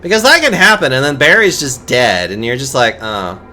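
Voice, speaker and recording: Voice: medium pitch, big pitch swings, fairly quick, pushed and bright, soft background music. A game streamer chatting casually while playing, swearing freely and laughing often. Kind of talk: casual live-stream chat.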